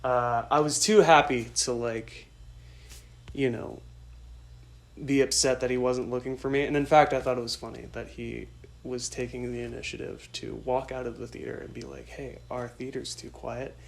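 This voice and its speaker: A man in his twenties hosting a podcast, telling a rambling story in an excitable way and laughing often. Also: mid-range voice, moderate pace, creaky. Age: 20s. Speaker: podcast host. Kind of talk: casual storytelling monologue.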